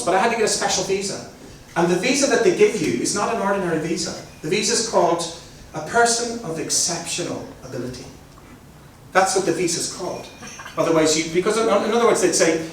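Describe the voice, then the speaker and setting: A middle-aged man with a Belfast accent, giving a chatty, joking talk to a live audience. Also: a little high. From Northern Ireland. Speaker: guest speaker. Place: large hall with an audience. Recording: very echoey hall, mic at a distance, faint noise.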